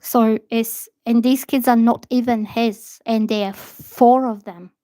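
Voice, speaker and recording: Woman on a livestream, talks blunt and animated, kinda high voice, dry sound. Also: measured pace, no echo. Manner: blunt, animated storytelling with acted quotes. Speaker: tarot reader. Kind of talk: casual livestream chat. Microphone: phone or laptop.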